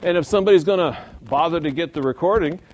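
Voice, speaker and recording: A man teaching a Sunday school Bible lesson in a conversational, folksy way, slowing down and building up for emphasis. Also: fairly high pitch, a little mellow. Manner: conversational, folksy, chuckles at own points.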